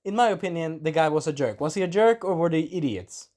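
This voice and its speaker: A man's voice: a little high, fairly quick, darkish tone. Rambling man recapping an anime episode. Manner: rambling, loose storytelling, acts out the quotes. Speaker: anime reviewer.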